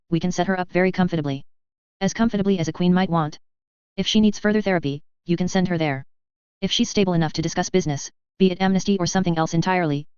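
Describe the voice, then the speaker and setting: A woman's voice: lowish voice, a little mellow, clean tone, no echo, muffled recording, lightly acted. A woman reading the lines of a grave, urgent male hero leader in an audiobook.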